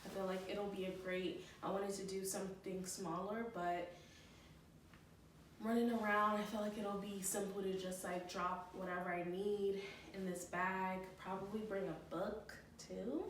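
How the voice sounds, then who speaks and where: A woman's voice: medium pitch, level tone, unhurried, a little hiss or hum, poor audio. A young woman talking casually to the camera for her vlog, chatty and full of fillers, laughing easily. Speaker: vlogger. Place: home, then out in the city.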